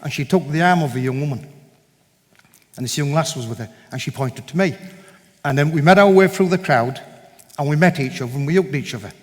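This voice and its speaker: A man with a fairly high voice tells a personal testimony at a church event. He is an animated storyteller who acts out each bit of dialogue. He is recorded in a hall with a long, ringing reverb. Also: brisk, pauses often. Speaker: guest speaker giving a testimony.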